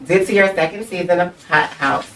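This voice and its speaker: An upbeat talk show host running a playful round of questions, teasing her guest and giggling between lines. The voice sits at a mid pitch and sounds a little distant from the mic, with faint noise under it. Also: moderate pace, fairly bright tone. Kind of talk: casual interview chat.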